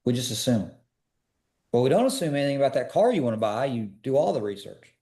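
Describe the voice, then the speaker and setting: A man's voice: medium pitch, very animated, fast talker, dark tone. A man, a personal security expert, speaking as a podcast guest and telling stories in an earnest, emphatic way, pressing listeners with repeated questions. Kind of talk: storytelling in a casual interview.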